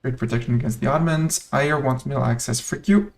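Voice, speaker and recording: A man's voice: mid-range voice, steady tone, quick pace, vocal fry. A man giving casual live commentary on a strategy game he is streaming, thinking aloud and playfully talking to the nations on his map.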